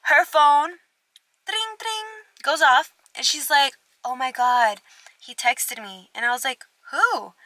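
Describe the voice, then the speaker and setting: A young woman vlogger with a high-pitched voice tells a storytime at a measured pace, with no echo in the recording. She's expressive, swears freely, and acts out both sides of the conversations.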